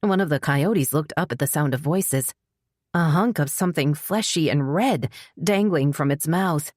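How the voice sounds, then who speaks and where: A woman narrating a cozy mystery audiobook in a measured storytelling manner. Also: sits low, a little mellow, dry recording, clean studio sound. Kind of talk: scripted narration.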